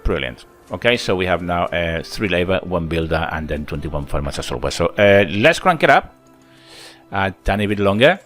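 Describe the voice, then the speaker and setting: Deep-voiced man chatting over game play. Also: brisk, hardly any pauses, fairly bright tone, faint music behind. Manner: chatty, thinks aloud, counts workers under his breath. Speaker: gameplay channel host. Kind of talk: casual let's-play commentary.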